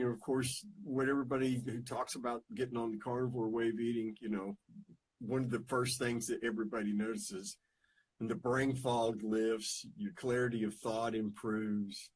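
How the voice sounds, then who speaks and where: A man's voice: mid-range voice, level tone, moderate pace, breathy edge. A man co-hosting a podcast, talking earnestly and emphatically with some teasing. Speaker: podcast co-host. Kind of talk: casual chat.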